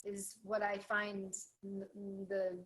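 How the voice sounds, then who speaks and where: A woman's voice: medium pitch, monotone, takes it slowly, poor audio. Earnest affirming woman host. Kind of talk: reflective spiritual interview.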